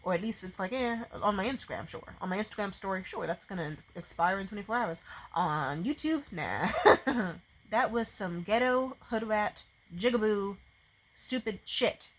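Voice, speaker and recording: A young woman venting to her camera in a fast, profane, exasperated rant, often stopping and restarting her sentences. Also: medium pitch, expressive, slight background noise, rough recording. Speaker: vlogger. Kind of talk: profane ranting vent. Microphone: facing a camera.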